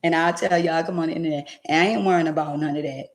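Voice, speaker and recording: A woman's voice: sits low, fairly even intonation, fast. A middle-aged woman hosting a casual livestream, speaking in a heartfelt, preachy way and talking to viewers by name. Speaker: livestream host.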